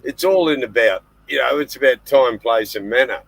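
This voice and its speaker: A man's voice: mid-range voice, expressive, normal speed, gravelly, a bit bright, low-quality recording. A man from Australia with an Australian accent, calling into a show and chatting casually with laid-back jokes and swearing. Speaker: caller. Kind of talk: casual chat.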